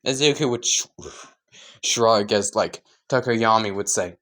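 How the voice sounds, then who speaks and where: A man's voice: medium pitch, sing-song, normal speed. A man casually improvising and rambling through a fan story, full of fillers and side comments. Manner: rambling, giggly, lots of "like".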